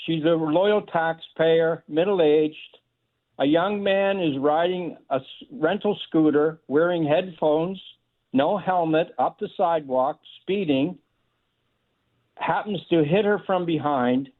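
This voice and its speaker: A man's voice: a little high, takes it slowly. Male caller on a tinny phone line. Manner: sets out a long hypothetical step by step, hesitant fillers. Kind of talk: phone-in question.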